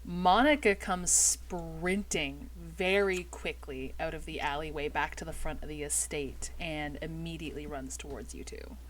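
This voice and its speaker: Woman game master, deep voice, slow hesitant narration, faint hiss behind. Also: rough recording. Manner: unhurried, hesitant narration with fillers.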